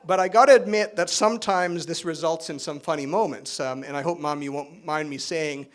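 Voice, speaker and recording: A middle-aged man giving a keynote speech at an awards event, in a relaxed, conversational way with joking asides, many fillers and tag questions. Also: fairly high pitch, brisk. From Spain, raised in Canada. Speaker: keynote speaker.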